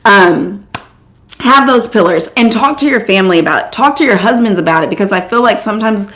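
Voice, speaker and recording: A woman in her forties chats on a casual live stream and answers her viewers one comment at a time. Her delivery is loose and rambling, with lots of "like" and "um". Her pitch jumps up whenever something excites her. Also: brisk. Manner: animated, voice jumps up when excited. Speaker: host.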